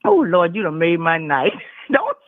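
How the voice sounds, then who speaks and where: A woman's voice: lowish voice, huge pitch swings, unhurried, no room sound. A woman in her sixties calling in to a show, folksy and effusive, laughing often as she chats. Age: 60s. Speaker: caller. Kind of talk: casual call-in chat. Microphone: phone. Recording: tinny dry phone line.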